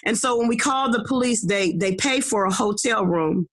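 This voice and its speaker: A middle-aged woman evangelist recounts her testimony with an average-pitched voice and a forceful, emphatic delivery. She stumbles and restarts often, repeating words as she goes. She keeps turning to her listeners with a quick "okay?". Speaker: evangelist guest. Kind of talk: personal testimony storytelling.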